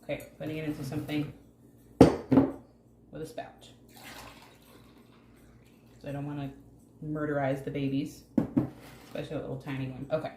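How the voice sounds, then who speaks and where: A woman's voice: deep voice, little pitch movement, moderate pace, pauses often. A woman hosting a casual home plant-care vlog, chatty and jokey, talking to her plants as she works. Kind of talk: casual hands-on vlog chat. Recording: echoey room with faint hum.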